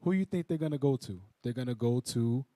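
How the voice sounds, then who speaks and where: A man adding commentary in a preaching Bible lesson, animated and slangy. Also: mid-range voice, a little fast, no echo.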